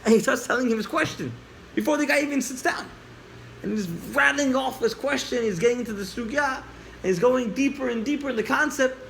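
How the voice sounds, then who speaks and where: High gravelly man telling a story. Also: a little fast, a little hiss or hum, low-quality recording. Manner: animated storyteller, acts out dialogue, asks the class questions. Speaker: teacher telling a story to a class. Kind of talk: storytelling in a class.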